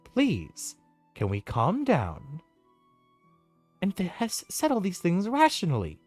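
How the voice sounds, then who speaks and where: A man voicing a small, nervous man who pleads for calm in a high, fretful voice. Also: slow pace, dry recording, faint music behind, full character voice. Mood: pleading.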